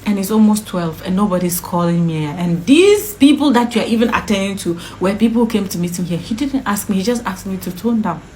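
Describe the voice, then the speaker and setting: A woman's voice: mid-range voice, lively intonation, brisk, few pauses, a little mellow, a little hiss or hum, low-quality recording. A woman vlogger telling a personal story to camera in an indignant, emphatic way, firing off repeated questions.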